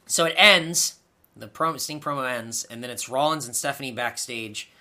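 A man's voice: mid-range voice, normal speed, pushed and bright. A man co-hosting a podcast, recapping wrestling in casual chat with sarcastic, exasperated remarks and plenty of swearing. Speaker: podcast co-host.

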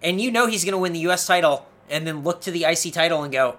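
A young man co-hosting a casual podcast, chatting fast and acting out lines in a playful, animated way. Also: on the high side. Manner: animated, quick quips, acts out wrestlers' lines. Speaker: podcast co-host. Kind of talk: casual chat recapping wrestling.

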